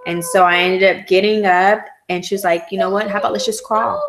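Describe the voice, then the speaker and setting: A woman's voice: mid-range voice, fairly even intonation, a little fast, noisy background. A woman vlogger telling a personal story in casual, candid, emotional slang.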